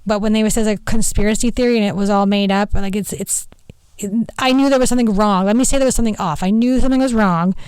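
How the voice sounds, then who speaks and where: Chatty woman, smooth clear voice. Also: medium pitch, quick pace, darkish tone, dry recording. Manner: chatty, rambling, with frequent "like" and "right?". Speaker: podcast host and spirit mentor. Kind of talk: casual monologue.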